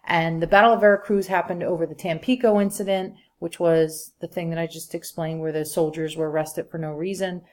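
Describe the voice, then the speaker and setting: Over a set of slides, a woman teaching history records a lecture in her slightly low voice. She keeps the intonation fairly even while chatting casually, saying "um" often and making quick asides to students.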